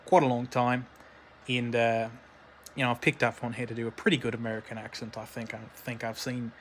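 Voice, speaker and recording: A man's voice: mid-range voice, bright, forceful tone, a little hiss or hum. A man with an Australian accent doing a comedic vlog monologue, talking in a rambling, hesitant, mock-earnest way with lots of filler sounds. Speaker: vlogger.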